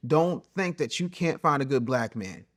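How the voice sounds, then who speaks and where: A middle-aged man hosting a solo advice show, blunt and preachy, swinging between loud jabs and low, quiet asides. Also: lively intonation, normal speed. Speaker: host and relationship coach. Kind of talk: solo advice monologue to camera.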